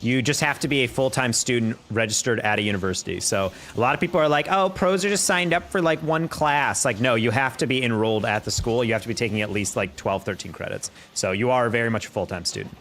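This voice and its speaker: Excitable young male esports caster. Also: fairly low pitch. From New York. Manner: rapid play-by-play that jumps up in excitement, chatting with viewers between plays. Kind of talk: live-streamed play-by-play commentary with chat.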